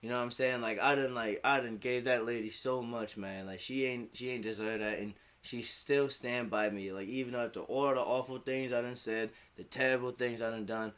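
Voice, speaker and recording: A man's voice: medium pitch, fairly even intonation, moderate pace, hardly any pauses, a bit bright. A young man in casual chat as a streamer, rambling, heartfelt and profane. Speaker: hip-hop commentary streamer.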